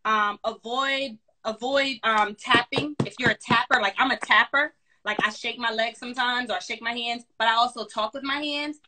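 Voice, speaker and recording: A woman career advisor giving interview tips in a fast, animated, sassy casual chat. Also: on the high side, background noise.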